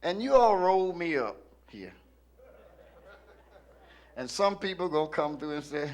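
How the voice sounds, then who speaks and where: A male pastor preaching a sermon, swinging from low murmurs up to shouts. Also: expressive, moderate pace, long pauses.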